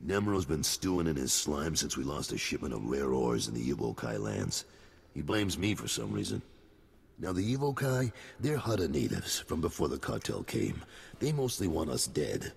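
An actor playing a blunt, streetwise middle-aged gang boss in a video game, with a deep gravelly voice. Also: male voice, big pitch swings, moderate pace, big-room sound, exaggerated voice. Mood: gruff. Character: gruff middle-aged male gang boss, worried father.

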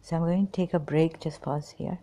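A woman recounting memories in a halting personal monologue, pausing often, apologizing and trailing off. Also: low voice, steady tone, mellow. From Pakistan. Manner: hesitant, many pauses and apologies, trails off.

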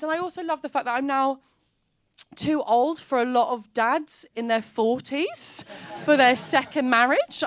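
A woman in her thirties doing a bawdy stand-up comedy set on a club stage, acting out characters and breaking into shouts. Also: high-pitched, dry recording. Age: 30s.

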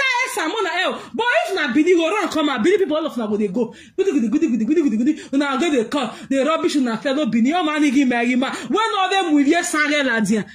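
A Nigerian woman with a very high, piercing voice rants to her viewers. She slips between pidgin and English, laughs through her sentences and breaks into loud scolding bursts. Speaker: social media commentator. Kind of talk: ranting vlog commentary.

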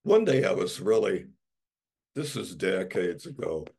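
Male pastor, husky, lively pitch swings; slow, emphatic sermon delivery. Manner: slow, emphatic preaching with dramatic repetition.

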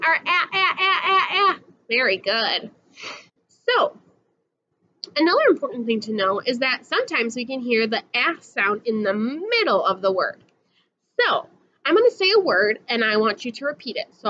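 A woman's voice: a little high, bright, forceful tone, muffled recording. A woman teacher giving a patient, sing-song phonics lesson to young children, drawing out each sound.

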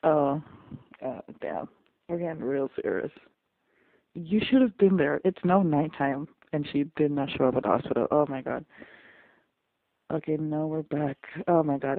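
Male reaction host, highish gravelly voice, animated and repetitive, dry narrow phone-quality audio. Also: no room sound. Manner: animated, exclaiming, repeats phrases. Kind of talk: live audio reaction commentary.

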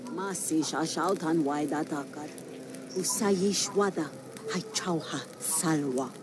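A slow, calm stone-age tribeswoman. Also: sits low. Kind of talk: game dialogue in an invented tongue. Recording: game audio with loud ambient noise.

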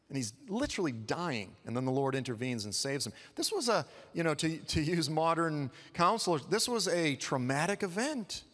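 Man preaching conversationally in a reverberant church. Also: a bit bright. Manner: conversational, acts out quotes with shifts in pitch and pace. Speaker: guest preacher. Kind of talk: sermon retelling a Bible story.

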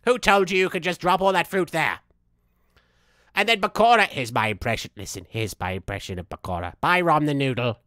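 A man's voice: on the high side, lively intonation, a little fast, bright, forceful tone, no echo, studio quality. A man voicing a vain, unhinged young male villain, streaming a game in character with boastful, theatrical talk. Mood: smug. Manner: boastful, theatrical, wildly swinging delivery, laughs at himself. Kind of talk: in-character gameplay commentary.

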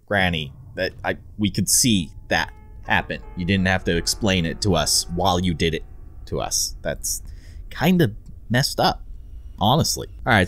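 A man's voice: lowish voice, fairly bright tone. A young man hosting a gameplay video, chatting playfully and amusing himself. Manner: playful, self-amused, chatty with repeated restarts. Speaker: gaming video host. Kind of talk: let's play commentary.

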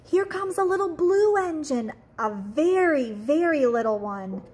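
A woman voicing an excited little toy clown in a children's story, calling out in a high eager voice. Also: measured pace.

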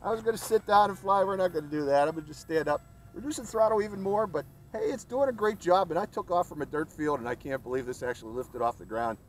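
Guy with a slightly high voice flying an rc plane outside, calling everyone folks, faint background hiss. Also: fast talker, rough recording. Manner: chatty, folksy, addresses viewers as folks. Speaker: RC hobby video host. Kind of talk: casual flight-test commentary. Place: outdoors at a flying field.

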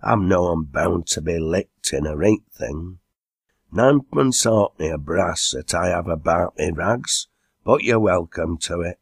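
A man's voice: sits low, expressive, a little slow, creaky, slightly rough, dry recording, clean studio sound, heavily acted. A man voicing a generous, good-natured working man who speaks in a hearty, slightly raised voice.

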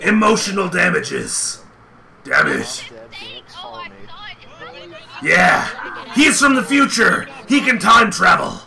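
A man voicing a hulking, hot-headed male warrior in a comedic voice chat role-play, shouting and laughing indignantly. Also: high-pitched, lively intonation, slow, vocal fry, pauses often, a faint crowd, exaggerated voice. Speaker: streamer.

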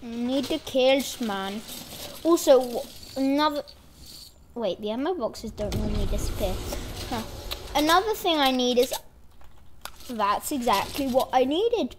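A woman's voice: high-pitched, expressive, unhurried, long pauses, a little hiss or hum. A woman giving playful, rambling commentary over her own gameplay. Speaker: gaming channel host.

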